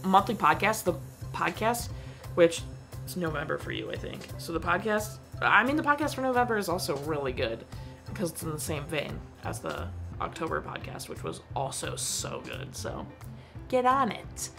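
A woman's voice: lowish voice, huge pitch swings, normal speed, vocal fry, over music. A young woman chatting casually about a movie she just watched, full of fillers and giggles. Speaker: movie review vlogger. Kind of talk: casual movie review chat.

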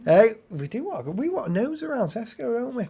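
Woman chatting on a livestream, teasing and excitable, voice bouncing all over. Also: fairly high pitch, brisk, vocal fry. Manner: chatty, teasing, exclaims often. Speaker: livestream co-host. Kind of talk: casual live-stream chat.

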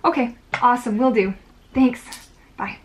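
A woman's voice: a little high, measured pace, breathy edge. A woman chatting casually to camera from a filming corner at home, rambling with lots of filler words. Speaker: vlogger. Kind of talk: casual vlog chat to camera.

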